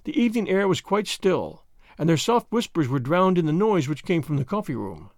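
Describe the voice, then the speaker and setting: A man narrating a classic novel as an audiobook, with an expressive storytelling cadence. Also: fairly high pitch, moderate pace, no room sound, clean studio sound. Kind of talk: scripted narration.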